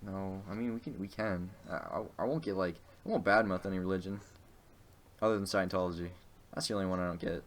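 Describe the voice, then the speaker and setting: A young man with a lowish voice chats casually on a podcast. He rambles and hesitates through his points, dropping curse words as he goes. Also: quick pace. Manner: rambling, hesitant, swears often. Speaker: podcast co-host. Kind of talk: casual chat.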